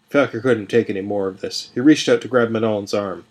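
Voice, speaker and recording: A man narrating a scripted fantasy story in a measured, even reading. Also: lowish voice. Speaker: podcast storyteller.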